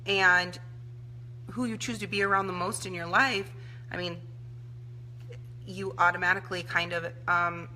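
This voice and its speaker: Earnest woman with a bright voice. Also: on the low side, fairly even intonation, unhurried, pauses often, slight background noise. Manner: earnest, conversational, acts out quoted voices. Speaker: speaker. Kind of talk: motivational talk.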